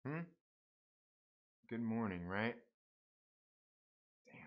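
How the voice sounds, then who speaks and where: Stream host, male, bright, animated delivery, casual and profane, fairly high voice. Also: moderate pace, pauses often. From half Mexican family. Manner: profane, laughing, talks to chat while eating. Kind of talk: casual late-night live chat, reading comments.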